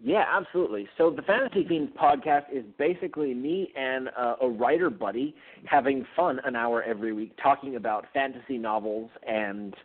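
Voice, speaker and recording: A man's voice: mid-range voice, fairly quick. A man being interviewed as a guest author, talking eagerly with frequent fillers and restarts over a tinny phone line. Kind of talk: casual interview chat.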